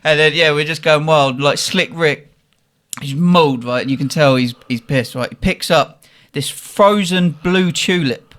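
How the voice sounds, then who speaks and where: A man's voice: a little high, unhurried. Laughing slangy storyteller man. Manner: laughs often, slangy and animated. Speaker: podcast host. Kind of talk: casual storytelling.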